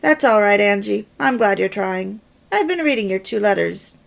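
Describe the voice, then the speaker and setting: A woman reading the part of a hurt husband who speaks hesitantly and haltingly. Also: mid-range voice, expressive, vocal fry. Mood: hurt, earnest. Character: remorseful husband, a working man.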